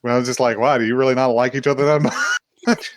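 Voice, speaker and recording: A man's voice: medium pitch, steady tone, quick pace, a crowd in the background. A man co-hosting a podcast, casually recapping an anime episode and acting out the characters' lines with laughs and swearing. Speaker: podcast co-host.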